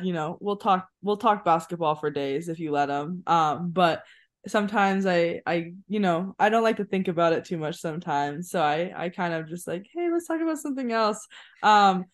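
A young woman from Maine, a college basketball player, chatting casually as a guest and using lots of "like" and "um". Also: fairly low pitch. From Maine, USA. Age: 20s. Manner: chatty, many fillers like "like" and "um". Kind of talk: casual interview chat.

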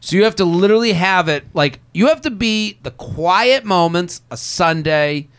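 A man's voice: sits high, expressive, normal speed, a bit bright, clear, resonant tone. A young man hosting a podcast, chatting casually and acting out people in quoted voices. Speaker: podcast host. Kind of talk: casual comedic chat.

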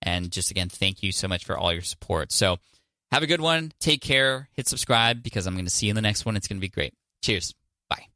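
A man's voice: on the low side, expressive, fast, dry recording, clean studio sound. A man hosting a coaching podcast, encouraging his guest and then signing off to listeners in an upbeat way. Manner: warm, encouraging, upbeat sign-off. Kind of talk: casual interview and podcast outro.

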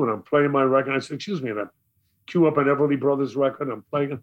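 A man's voice: medium pitch, racing, highs cut off. An older man, a radio DJ telling stories in an interview and acting out the voices of the people in them. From Brooklyn, New York. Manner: lively storyteller acting out quoted voices. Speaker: radio DJ guest. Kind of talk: storytelling interview.

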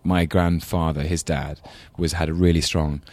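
A man's voice: rumbling low, flat delivery, normal speed, a little mellow, no echo. An English man with a London accent, chatting thoughtfully as an interview guest, self-deprecating with many restarts. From England. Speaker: guest, actor. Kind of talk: casual interview chat.

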